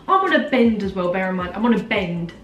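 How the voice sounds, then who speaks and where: A woman's voice: mid-range voice, big pitch swings, a little fast, fairly bright tone, lo-fi sound. A young woman tells a story as a vlogger, dramatic and full of "like" fillers. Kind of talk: storytime chat. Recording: echoey room, mic at a distance, faint music.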